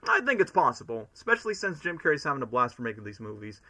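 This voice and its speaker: Bright-voiced excitable young streamer man. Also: mid-range voice, fast talker, few pauses. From Florida, United States. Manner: rambling, excitable, addresses chat. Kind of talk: casual livestream reaction chat.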